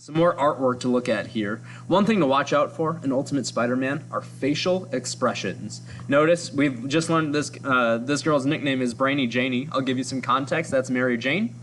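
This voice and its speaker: A man in a teacher's role talks his listeners through a comic's panels in an upbeat, explanatory tone. His voice sits at a middle pitch, with scattered ums. A faint hum runs under the recording. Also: normal speed, few pauses, fairly bright tone. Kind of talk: reading and analyzing a comic for students.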